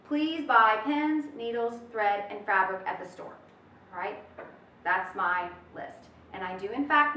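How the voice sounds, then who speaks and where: A woman's voice: a little high, sharp tone, a little hiss or hum. A woman teaching a recorded test prep lesson in an upbeat, chatty way with folksy asides. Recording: roomy echo, mic at a distance.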